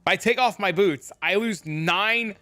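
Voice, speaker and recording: A man streaming a game, casually chatting, reading chat aloud, animated and swearing often. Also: high voice, unhurried, soft background music. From New Jersey.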